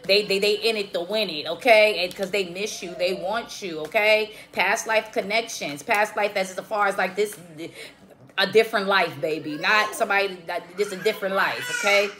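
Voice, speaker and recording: A woman's voice: medium pitch, moderate pace, a bit bright. Emphatic woman giving a tarot reading. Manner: emphatic, repeats "okay?" often; slangy and profane. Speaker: tarot reader.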